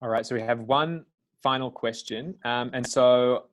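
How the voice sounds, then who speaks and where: A man hosts a live webinar over a video call, passing audience questions on to his colleagues. His delivery is relaxed and conversational, full of small fillers. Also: medium pitch, measured pace. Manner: reads out audience questions, loose and chatty. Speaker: webinar host.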